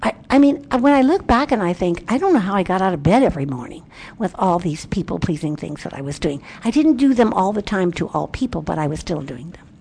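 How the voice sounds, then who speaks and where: A woman's voice: on the low side, lively intonation, gravelly, dark tone, breathy edge. Earnest woman giving a candid devotional talk. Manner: earnest, candid, self-reflective; brisk, emphatic delivery. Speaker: Christian speaker.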